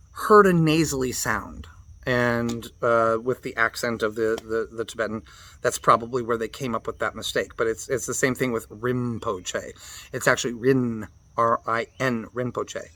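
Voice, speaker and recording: A man teaching mantra practice, patiently explaining and spelling out pronunciations, chanting the syllables slowly, with loose fillers and restarts. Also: medium pitch, bright, forceful tone. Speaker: meditation teacher.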